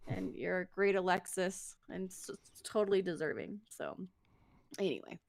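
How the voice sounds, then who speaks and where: A woman co-hosting a podcast in casual chat, talkative and quick to laugh at her own slips. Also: lowish voice, fairly even intonation, creaky, no room sound. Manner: chatty, laughs at herself, quick restarts. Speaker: podcast co-host.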